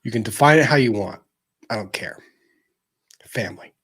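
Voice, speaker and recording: A man hosting a show, delivering a heated, profane rant that swings between loud outbursts and low, intense repetition. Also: normal speed, slightly rough. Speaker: show host. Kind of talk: ranting commentary.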